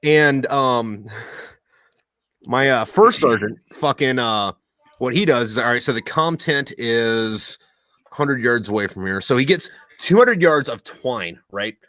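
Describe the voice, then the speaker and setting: A man's voice: medium pitch, lively intonation, slow, pushed and bright, no echo. A young man telling profane war stories in casual chat, rambling with lots of fillers. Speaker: podcast host.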